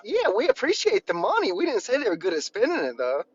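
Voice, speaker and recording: A man co-hosting a racing podcast, joking and animated in casual chat. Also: sits high, fast talker, husky, no room sound, lo-fi sound. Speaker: podcast co-host.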